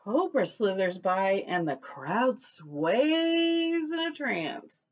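A woman preschool teacher reads a picture book aloud to young children in a cheerful, mid-range, sing-song voice, leading call-and-response chants. She speaks extremely slowly, and the recording's high frequencies are cut off.

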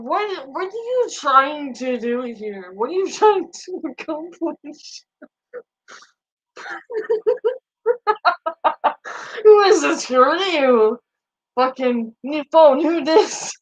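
A woman's voice: high-pitched, fairly bright tone, poor audio. A woman streamer in casual live-stream chat, profane and teasing, laughing often as she talks back to viewers.

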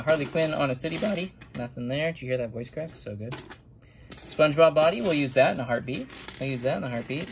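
A man's voice: mid-range voice, a little hiss or hum. Casual rambling man sorting toys. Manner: rambling, muttering asides to himself. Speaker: toy collector vlogger. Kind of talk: casual running commentary.

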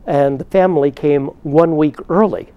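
A middle-aged man gives a psychotherapy lecture, telling patient cases step by step. His voice sits a bit high for a man, and he now and then acts out stern dialogue with a raised voice. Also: moderate pace, smooth, highs cut off. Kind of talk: lecture with case stories.

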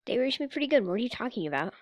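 A woman's voice: on the high side, very animated, rapid-fire, no echo. Young-sounding woman roasting some guy's video, snarky and teasing, voice bouncing all over, dry sound. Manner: sarcastic, teasing, breaks into laughter. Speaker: YouTuber reacting to a video. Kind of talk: mocking reaction commentary.

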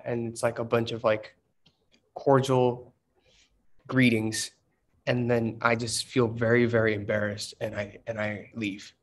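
Man, thirties, casual livestream chat, rambling storyteller, lots of fillers, mid-pitched voice. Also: fairly bright tone. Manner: chatty storytelling, many fillers. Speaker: guest artist answering fan questions.

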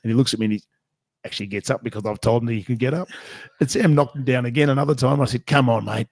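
Fast-talking Australian man telling stories. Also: medium pitch, fairly even intonation, darkish tone, no echo. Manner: joking storyteller, quick and chatty. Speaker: podcast host and fight commentator. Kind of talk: casual podcast chat.

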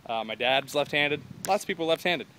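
A man's voice: a little high, animated, fast, background noise. A young man talking to a phone camera held at arm's length while walking outdoors through a neighborhood, rambling and joking casually. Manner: rambling, jokey, with mock quoted voices. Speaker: vlogger. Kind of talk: casual vlog chat.

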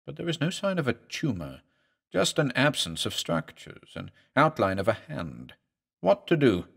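Man, horror story narrator, grave dramatic reading, mid pitch, very expressive intonation. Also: moderate pace, creaky, husky.

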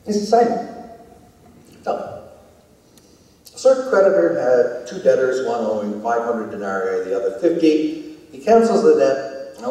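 An American pastor with a warm, mid-range voice preaches a sermon in a church sanctuary, telling the story conversationally and posing questions to the congregation. The echoey hall and distant mic give the audio a roomy sound.

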